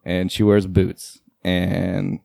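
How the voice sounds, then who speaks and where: A man's voice: low-pitched, completely flat delivery, drawn-out words, gravelly, mellow, dry recording. A man co-hosting a casual movie commentary, rambling and laughing often.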